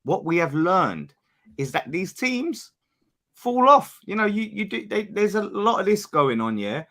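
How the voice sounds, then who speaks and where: Guy ranting bout his club, bit high voice, swears a lot, loose chat. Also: measured pace. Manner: animated, swears, rants. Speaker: West Ham fan pundit. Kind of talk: casual podcast banter.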